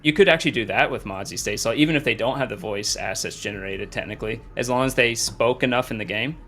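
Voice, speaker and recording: A man of ordinary pitch chats casually between rounds of a tabletop game. He laughs easily and sometimes slips into mimicking a voice. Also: fast, fairly bright tone.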